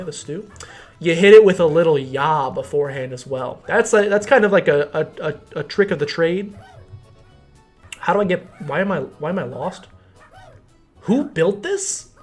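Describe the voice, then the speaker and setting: A young man streaming a game, rambling jokily with mock-serious explanations, faint game music behind. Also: a little high. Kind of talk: casual gameplay commentary.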